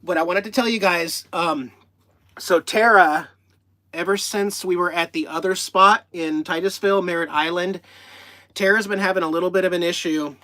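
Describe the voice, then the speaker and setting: A man's voice: on the high side, pushed and bright. A man chatting casually on a livestream from inside his parked RV, rambling and talking to his pets and the live chat. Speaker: RV vlogger hosting a livestream.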